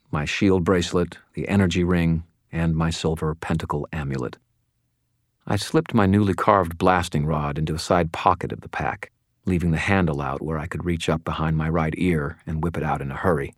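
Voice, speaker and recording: A man narrating a first-person fantasy audiobook in a steady, wry storytelling manner. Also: sits low, moderate pace, no echo, studio quality.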